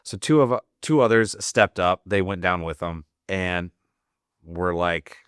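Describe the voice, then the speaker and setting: On a podcast, a Marine veteran casually tells stories in a low voice that's a bit bright and smooth, keeping a measured pace. He curses often, wanders off track and fills gaps with "like." It's studio-quality audio with no room sound.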